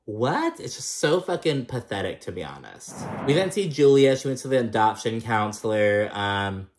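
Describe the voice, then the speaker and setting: A man's voice: lively intonation, moderate pace, a little hiss or hum. Profane young man ranting through a recap. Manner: profane, exasperated, mimics cast members in higher voices. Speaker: reality TV recap host. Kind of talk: casual recap rant.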